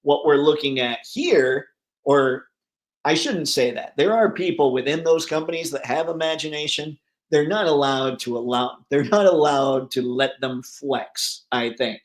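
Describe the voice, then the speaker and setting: A man's voice: on the high side, a little slow. Chatty man hosting a toy livestream. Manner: chatty, reads viewer comments aloud and riffs on them; thinks aloud while browsing online listings. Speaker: livestream host. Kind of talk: casual live chat.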